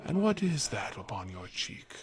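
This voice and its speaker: An actor playing a gentle, solemn ghost of the past in an audio drama, speaking in a slow, measured way. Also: male voice, medium pitch, animated.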